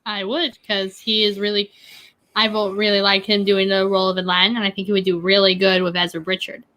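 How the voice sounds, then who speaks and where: Bright-voiced young woman co-host. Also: mid-range voice, level tone, brisk. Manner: eager, chatty with fun facts. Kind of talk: casual chat.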